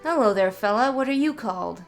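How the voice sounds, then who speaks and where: A woman's voice: on the high side, expressive, brisk, soft background music. A woman voicing a polite, unsure young bard man from the south who speaks hesitantly.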